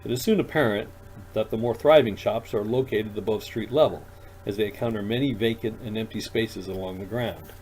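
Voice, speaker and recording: A man, an author, reading his own science fiction story aloud in a calm, even storytelling manner. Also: on the low side, brisk, low-quality recording. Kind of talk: audiobook narration.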